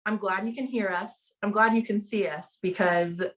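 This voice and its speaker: A woman's voice: mid-range voice, steady tone, normal speed, a bit bright, rough recording. A woman co-hosting a casual chat, upbeat and organizing the recording. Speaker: co-host and producer.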